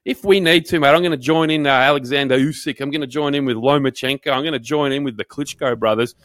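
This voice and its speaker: A man's voice: medium pitch, fairly even intonation, fast, a bit bright, no room sound, studio quality. A young Australian man co-hosting a podcast, ranting in a profane, fired-up way and calling everyone mate. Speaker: podcast co-host. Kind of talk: casual comedic podcast rant.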